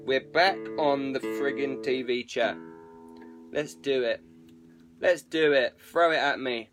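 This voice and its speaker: A man's voice: medium pitch, slow, over loud music. A man, rambling casually and self-mockingly to viewers on a live stream.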